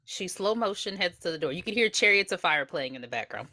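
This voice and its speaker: A woman's voice: fairly low pitch, animated, fast, pushed and bright. A woman co-hosting a podcast, chiming in with quips and asides during a casual movie recap. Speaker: podcast co-host.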